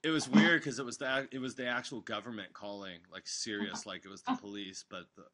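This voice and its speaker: A man hosting a casual chat, telling rambling, animated stories full of cursing. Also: fairly low pitch, a little fast, very noisy. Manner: rambling, animated storytelling with profanity. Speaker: host. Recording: recorded live on an online stream.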